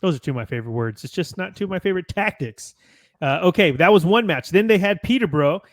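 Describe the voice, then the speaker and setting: An American man hosts a podcast and runs through match results from his notes. He talks in a chatty way and often corrects himself, in a slightly high voice. The mic is close and dry. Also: lively intonation, fast talker, no echo. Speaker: podcast host. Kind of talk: reading a match recap with casual asides.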